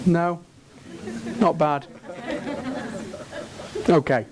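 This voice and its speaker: A man with an English accent gives a keynote at a conference, speaking at a slow, unhurried pace. His voice sits high for a man. He jokes with the audience and keeps putting questions to the room. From England. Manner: jokey, asks the room questions. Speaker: keynote speaker and sales trainer.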